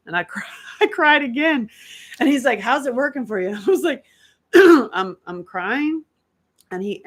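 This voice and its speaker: A chatty woman talks loosely and rambles, her voice sitting a little low. She laughs often as she goes. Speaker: host. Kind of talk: casual chat.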